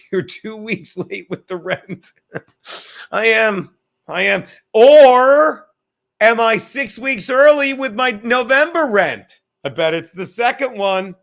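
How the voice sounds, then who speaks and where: A man's voice: high-pitched, a bit bright. A man hosting a podcast, talking in a rambling, profane and jokey casual monologue. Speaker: podcast host.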